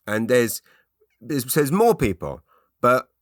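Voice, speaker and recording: A man's voice: mid-range voice, big pitch swings, slow pace, dry recording, clean studio sound. A man with an English accent hosting a podcast, telling a rambling comic story full of restarts and put-on voices. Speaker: podcast host. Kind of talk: solo comedic ramble.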